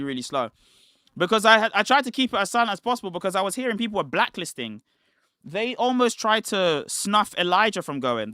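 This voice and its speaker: Bright-voiced young British man on a stream. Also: fairly high pitch, no room sound, studio quality. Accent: British English. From Britain. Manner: rambling, slangy, quick restarts. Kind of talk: casual livestream storytelling.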